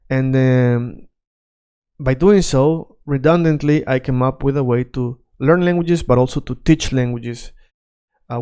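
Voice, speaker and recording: A native Spanish-speaking male tutor gives a casual explainer lesson in a resonant, clean, evenly mid-pitched voice. He keeps making sure the learner follows with "right?" and "okay?", alternating Spanish examples with English glosses.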